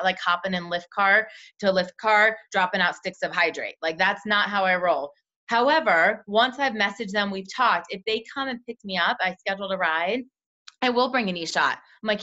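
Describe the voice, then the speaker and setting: Young woman, bright crisp voice, chatty coaching, dull lo-fi call audio. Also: medium pitch. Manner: chatty, acts out quick quoted dialogue. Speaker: team leader coaching sales recruits.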